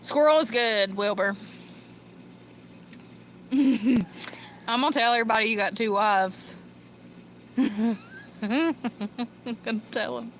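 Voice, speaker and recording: A woman's voice: a little high, slow, long pauses, a bit bright, slight background noise, low-quality recording. A woman hosting a casual livestream, laughing constantly and losing her train of thought. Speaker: livestream host. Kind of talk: casual live chat.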